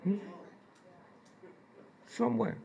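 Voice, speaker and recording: An older man telling stories to a live audience, prodding listeners with repeated "Hmm?" and "Huh?" between pointed pauses. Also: darkish tone. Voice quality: gravelly, husky. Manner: slow, drawn-out delivery with pointed pauses. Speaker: speaker addressing an audience. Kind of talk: storytelling lecture to a live audience.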